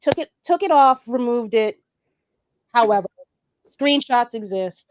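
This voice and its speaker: A woman's voice: a little high, animated, unhurried, slight background noise. A woman guest on a podcast, ranting in a heated, profane and emphatic way during a casual talk.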